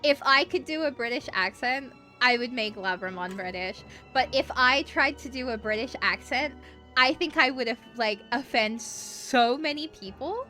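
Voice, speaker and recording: A woman's voice: sits high, normal speed, sharp tone, faint music behind. A woman from Australia with an Americanized Australian accent, chatting casually on a game stream and rambling with lots of "like" and free swearing. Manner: rambling, many "like" fillers, swears freely. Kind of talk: casual live-stream chat.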